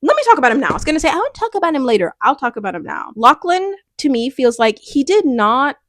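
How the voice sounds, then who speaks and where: A young woman chatting casually about a TV finale, animated and rambling, laughing often and restarting her thoughts. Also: medium pitch, dry recording, clean studio sound. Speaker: youtuber reviewing a TV finale. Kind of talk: casual chat.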